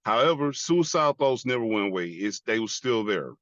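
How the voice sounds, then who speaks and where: A man's voice: medium pitch, lively intonation, moderate pace, a bit bright, no room sound, muffled recording. An American man, an army veteran, giving an earnest personal testimony as an interview guest and repeating phrases for emphasis. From United States.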